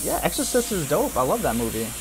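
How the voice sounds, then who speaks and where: A man giving casual how-to commentary while he airbrushes, relaxed and loose, saying "like" and "man" a lot. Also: on the high side, fast talker, over music. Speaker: airbrush artist.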